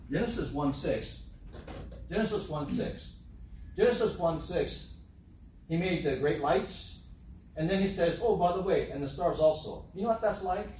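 A man preaches a sermon conversationally, often asking listeners rhetorical questions. His voice is on the high side and a little mellow, off-mic and far away in a very echoey room, with a little hiss or hum.

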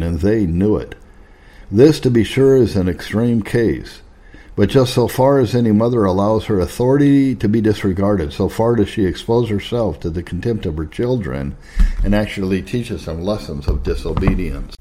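A man reading an old instructive text aloud in a measured, formal manner. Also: fairly low pitch, dark tone. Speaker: narrator.

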